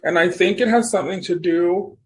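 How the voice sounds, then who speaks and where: A man as a podcast guest, telling stories in a rambling, animated way and often restarting his sentences. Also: high-pitched, fairly quick. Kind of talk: casual storytelling conversation.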